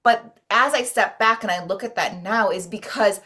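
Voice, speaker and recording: Speaking at a moderate pace in a mid-range, sharp-toned voice, this podcast guest talks casually and earnestly about self-care and spirituality. Her speech rambles, full of "like"s and restarts.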